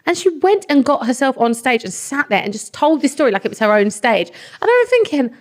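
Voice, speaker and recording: An English woman chatting as a podcast guest. She tells her stories with animation and quick asides. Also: high voice, very animated. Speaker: podcast guest, talent manager. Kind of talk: casual chat.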